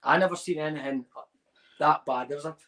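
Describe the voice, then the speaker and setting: A man's voice: on the high side, a little fast, a bit bright, rough recording. Chatty Scottish man telling tales. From Scotland. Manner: rambling anecdotal storytelling with Scots slang. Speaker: guest. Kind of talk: casual chat.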